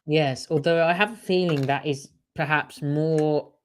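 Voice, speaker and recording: A man's voice: a little high, fairly even intonation, unhurried. Wry, sarcastic man on a sports podcast. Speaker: podcast co-host. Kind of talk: casual livestream sports chat.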